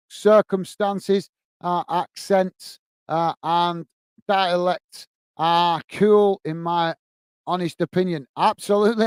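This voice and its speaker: A man hosting a football watch-along, commentating on the match and chatting warmly with viewers in the chat. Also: high voice, clean tone, no room sound. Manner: chatty, says "mate" a lot, reads chat messages aloud.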